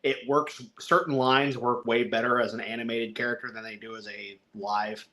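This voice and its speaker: A man with a bright, forceful voice talks loosely through a film, rambling and chuckling as he goes. He slips into little put-on voices to act out lines, then drops back into easy chat at a middle pitch. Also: little pitch movement, normal speed. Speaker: podcast co-host reviewing a film. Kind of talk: casual chat.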